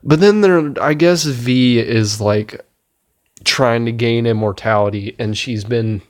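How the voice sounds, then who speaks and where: A man's voice: medium pitch, slow pace. A man giving a casual spoken movie review, rambling and swearing enthusiastically as he retells scenes. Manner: rambling, profane, enthusiastic, laughs at his own retelling.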